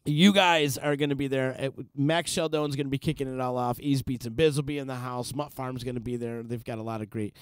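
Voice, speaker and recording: A man's voice: medium pitch, steady tone, a little fast, few pauses, smooth, no room sound. Upbeat radio host, man. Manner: upbeat, announcing local events. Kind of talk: casual radio banter. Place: radio studio.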